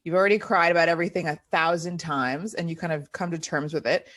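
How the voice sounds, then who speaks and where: A woman's voice: lowish voice, steady tone, quick pace, a bit bright. A woman co-hosting a podcast in casual chat, chatty and self-mocking, laughing often. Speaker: podcast co-host.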